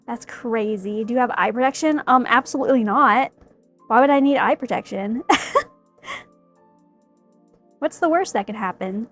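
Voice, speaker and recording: A woman with a fairly high voice chats at a moderate pace, pausing often, while soft music plays behind her. She's casually live-streaming from an indoor workspace as she builds a cosplay prop, laughing a lot and crying out in mock fright.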